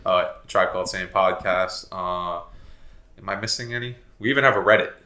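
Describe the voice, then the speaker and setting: Deep-voiced joking young man, echoey. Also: moderate pace, a crowd in the background. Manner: joking, crude, cracks up at his own lines. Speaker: podcast co-host. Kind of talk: casual chat.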